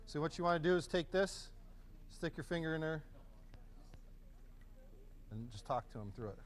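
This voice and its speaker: A man runs a hands-on first aid class in a training room, his voice sitting noticeably high for a man. He talks casually and encouragingly as he coaches students through each step. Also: lively intonation, moderate pace.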